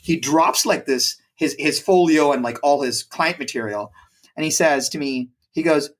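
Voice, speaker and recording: A man in his forties from India, a podcast guest telling stories in an animated conversational way, with frequent fillers and restarts. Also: fairly high pitch, moderate pace. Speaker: podcast guest, brokerage president. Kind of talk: conversational storytelling.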